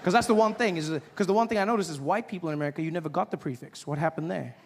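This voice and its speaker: High-voiced man doing stand-up comedy. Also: racing, gravelly, slight background noise. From South Africa. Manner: animated, acts out characters in high excited voices.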